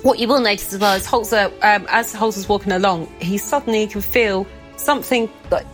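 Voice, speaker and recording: A woman's voice: mid-range voice, a little fast, soft background music. A woman playing a tabletop game, chatting in a giggly, scattered way as she hunts for a character voice. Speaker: player. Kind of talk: casual game chat.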